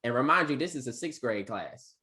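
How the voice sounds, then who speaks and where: A man teacher telling a class a story in an animated, preacher-like cadence with big vocal swings. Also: mid-range voice, brisk.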